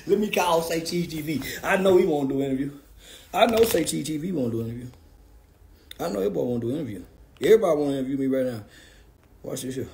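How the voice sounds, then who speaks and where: A man ranting to camera in a loud, theatrical comedic vlog, with exaggerated mock-crying and preaching. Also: on the high side, animated, fairly quick, vocal fry, pauses often, a little hiss or hum. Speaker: vlogger. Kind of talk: comedic celebratory rant to camera.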